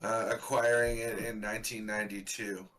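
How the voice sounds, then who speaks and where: A man hosting a casual live hockey reaction stream, chatty and quick with asides, explaining the lingo. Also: fairly low pitch, little pitch movement, a bit bright. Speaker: stream host.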